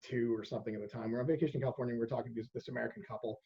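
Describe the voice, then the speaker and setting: A man in his thirties hosting a casual podcast, telling anecdotes, laughing often and acting out quotes loudly. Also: medium pitch, fairly even intonation, rapid-fire, slight background noise. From Canada. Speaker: podcast host. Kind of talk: casual chat. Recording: muffled lo-fi audio.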